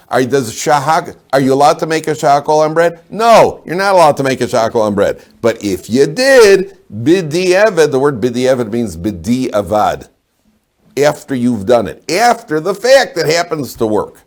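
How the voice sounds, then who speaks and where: A man teaching a Torah class to live students, animated, asking rhetorical questions and telling jokes. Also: fairly high pitch.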